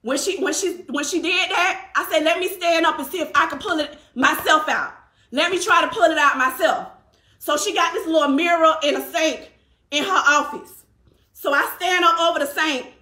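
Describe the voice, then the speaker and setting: A woman tells her own story in lively, casual speech. Her voice is high and bright. She slips into quoted voices, and the room has a noticeable echo. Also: normal speed. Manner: animated, acts out quotes of others.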